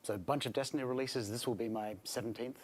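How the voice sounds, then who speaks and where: Man, mild Australian accent, timid, soft-spoken, dev guest. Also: medium pitch, steady tone, fast. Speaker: game developer guest.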